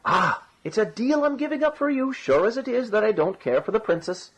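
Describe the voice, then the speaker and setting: A man voicing a sly young rogue, wheedling and boastful, in a high voice. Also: animated, fairly quick, husky, exaggerated voice. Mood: coaxing. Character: sly young Irish rogue, quick-tongued trickster. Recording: dull lo-fi recording.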